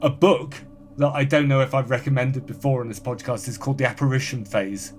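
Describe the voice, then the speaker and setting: A man appearing as a podcast guest in casual chat, reading listener comments aloud in a brisk, dry, offhand way. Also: mid-range voice, fairly even intonation, over music.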